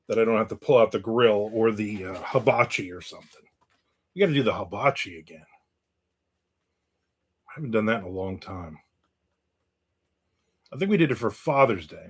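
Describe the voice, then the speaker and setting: A man's voice: fairly low pitch, breathy edge. A middle-aged man from New Jersey hosting a livestream, chatting casually and reading out viewer comments in a blunt, rambling, joking way. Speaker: livestream host.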